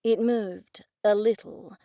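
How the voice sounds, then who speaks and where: A woman narrating a first-person mystery audiobook in a clear, even storytelling delivery. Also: mid-range voice, takes it slowly, no echo, clean studio sound.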